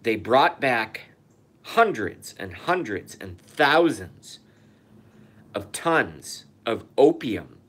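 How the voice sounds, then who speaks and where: A man's voice: mid-range voice, big pitch swings, drawn-out words, fairly bright tone, husky. A man hosting his online show from an apartment, ranting in a furious, profane, repetitive comedic conspiracy monologue into a phone. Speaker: YouTube show host.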